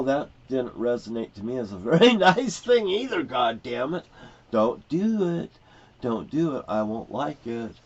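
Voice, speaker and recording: A middle-aged man rambling through a personal story, swearing often and getting worked up as he goes. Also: on the low side. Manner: profane, excitable, rambling. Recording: dull lo-fi recording.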